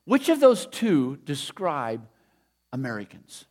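Middle-aged male pastor, high voice, conversational and emphatic sermon delivery. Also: wildly swooping pitch, slow, a little mellow. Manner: conversational, emphatic preaching with repeated phrases.

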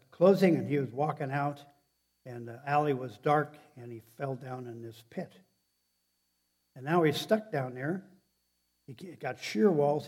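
A man preaching a sermon in a halting, conversational way, often restarting sentences and putting questions to the congregation. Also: fairly high pitch, darkish tone. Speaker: pastor.

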